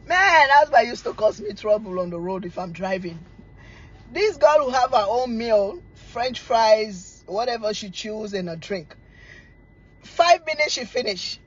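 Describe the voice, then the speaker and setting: Husky middle-aged woman. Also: fairly high pitch, measured pace, lo-fi sound. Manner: animated storytelling, teasing, laughs often. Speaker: cooking vlogger. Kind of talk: casual chat to camera.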